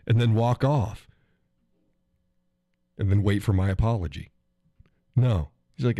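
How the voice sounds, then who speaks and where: A man's voice: on the low side, measured pace, long pauses, dark tone, dry recording, clean studio sound. A man hosting a casual live stream, reading chat messages aloud, swearing often and laughing between lines.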